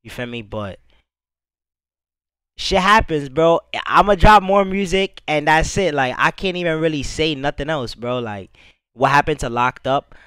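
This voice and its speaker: A young man in a loose reaction stream, talking over his own music video in a rambling, profane way, circling back with fillers. His voice sits fairly high for a man. The sound is dry and close, with little room around it. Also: expressive, a little slow, a bit bright, smooth, no echo, rough recording. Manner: rambling, repeats fillers like "bro" and "you feel me", swears freely.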